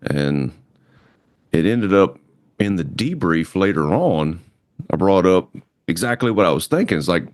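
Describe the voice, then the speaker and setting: A man with a notably low, deep voice hosts a casual podcast conversation. He talks candidly, swearing now and then, about personal pain. The sound is dry and close. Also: animated, a little slow, pauses often, a little mellow, dry recording. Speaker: podcast host.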